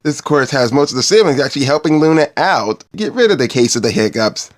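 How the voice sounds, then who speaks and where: A man's voice: mid-range voice, expressive, quick pace. A man reviewing a cartoon episode, crude and exasperated, swearing often. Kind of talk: profane commentary over clips.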